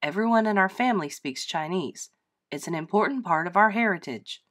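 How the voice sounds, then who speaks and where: A woman reading aloud, voicing a calm, gently teasing father in a storybook play, with her voice pitched lower. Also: a little fast. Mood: patient. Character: patient teasing middle-aged dad.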